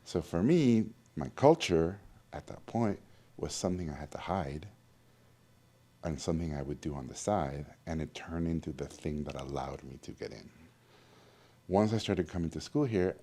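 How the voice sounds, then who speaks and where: A man being interviewed, telling lively stories about his early art training and acting out the people in them. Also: rumbling low, moderate pace. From Mexico. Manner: animated storyteller, acts out quoted voices. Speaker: guest animator. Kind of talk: storytelling interview.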